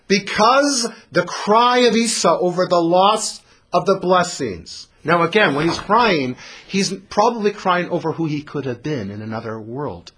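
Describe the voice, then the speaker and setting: Husky, animated male scripture teacher. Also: on the high side. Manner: dramatic, swings from loud to hushed.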